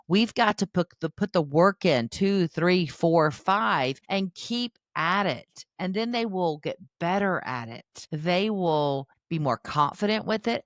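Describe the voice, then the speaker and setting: A woman with a fairly low voice hosts a parenting podcast as a parenting educator, speaking to parents in an earnest, chatty manner and calling them "you guys." The recording is dry, with clean studio sound.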